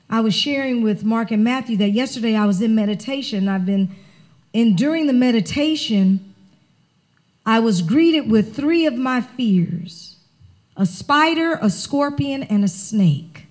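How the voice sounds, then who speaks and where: A woman who works as a spiritual director preaches a sermon, relating a personal story in an animated, conversational manner. Her voice is a little high.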